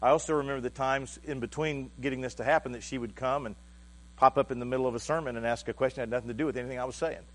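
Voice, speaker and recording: A male pastor preaching with a mid-range voice, halting and heartfelt, stumbling over repeated words. A low mains hum runs under the recording. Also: fairly even intonation. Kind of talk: sermon.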